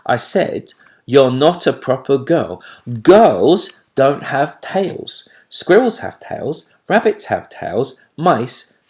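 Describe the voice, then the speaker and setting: A man's voice: medium pitch, big pitch swings, takes it slowly, a little mellow, pitched above the performer's own voice. A man voicing a timid, fluffy baby barn owl boy who gets cross easily and stammers when puzzled, in a storybook reading.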